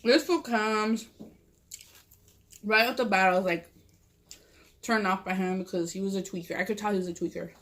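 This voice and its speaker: Eating at home beside her cat, this woman in her thirties from Southern California tells a rambling, profane mukbang story full of "like" fillers. She talks at a moderate pace with long pauses, in a steady, fairly bright mid-range voice, with slight background noise.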